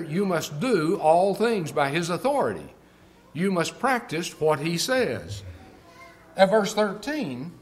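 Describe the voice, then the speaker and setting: An older man with a Texan accent, preaching a sermon in a conversational, storytelling way and slowing down to stress key points. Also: on the high side. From Texas.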